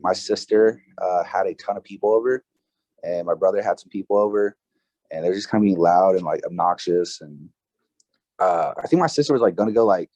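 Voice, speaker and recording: A man in his twenties, a podcast guest, telling a personal story in a casual, halting way with many fillers and restarts. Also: low-pitched, dark tone, no echo, highs cut off. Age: 20s. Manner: emotional, recounting grief.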